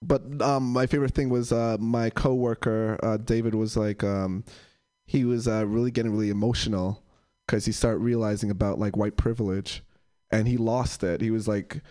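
A young man doing stand-up, telling stories and acting out characters in a high voice. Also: normal speed. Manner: animated, acts out characters in a high voice. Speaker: stand-up comedian. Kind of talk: stand-up storytelling.

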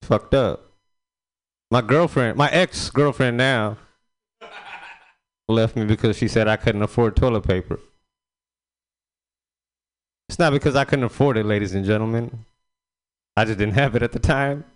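A man's voice: medium pitch, normal speed, long pauses. Male comic, resonant voice, loose crude rambling delivery. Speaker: stand-up comedian. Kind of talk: stand-up set.

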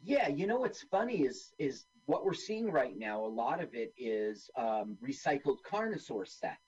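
A man chatting casually on a radio show while watching a movie, joking and tossing in quick silly voices. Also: mid-range voice, breathy edge, highs cut off. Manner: animated, jokey, does quick silly voices. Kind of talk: casual movie commentary chat.

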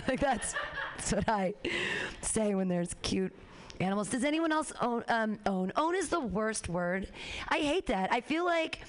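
Rambling woman doing stand-up. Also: normal speed. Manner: rambling, animated, jumps to high squeals for quoted voices. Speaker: stand-up comedian. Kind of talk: stand-up comedy set.

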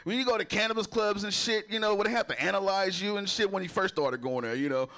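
His high-pitched voice comes out brisk, pushed, and bright as he runs through a crude comedy routine. The father of a son, he laughs at his own gags and talks loosely, repeatedly checking "you know?"

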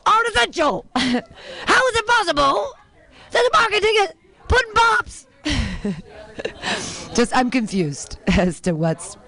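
A woman doing an impression of a famous older male comedian, rambling and mumbling in a drawn-out way. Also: very high-pitched, big pitch swings, bright, forceful tone, full character voice. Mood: drawling.

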